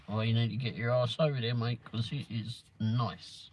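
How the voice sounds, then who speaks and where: An English man chats on a casual livestream at an ordinary mid-range pitch. He rambles from topic to topic and answers viewers by name in a loose, easygoing way. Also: normal speed, low-quality recording. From England. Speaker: livestream host. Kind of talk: casual chat reading live comments. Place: in a car around town.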